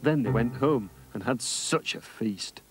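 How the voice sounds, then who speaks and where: A man presenting a children's TV show and reading a story aloud in a gentle, expressive way. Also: mid-range voice, a little slow, over loud music.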